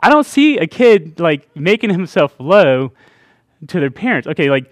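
A man's voice: a little high, big pitch swings, normal speed, no echo, studio quality. A middle-aged man giving a conversational sermon to a church congregation, chatty, with laughing asides and frequent "right?" checks with the listeners. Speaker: pastor.

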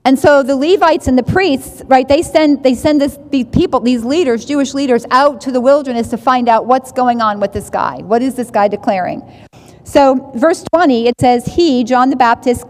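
Woman teaching bible verses, kinda high voice, chatty, keeps asking "right?", echo hangs in the room. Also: normal speed, a little mellow. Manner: conversational, restarts phrases, asks "right?".

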